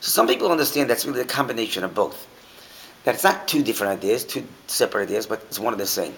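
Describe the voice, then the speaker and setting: A man's voice: on the low side, animated, fast, a bit bright, a little hiss or hum, poor audio. A man teaching an informal Torah class, asking his listeners many rhetorical questions and often restarting his sentences.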